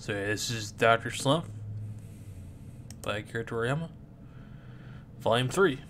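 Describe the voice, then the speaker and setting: A man reading a comic aloud in a relaxed, unhurried, slightly deadpan way at a desk microphone. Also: medium pitch, slight background noise. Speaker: comic reader. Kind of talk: casual read-aloud of a comic.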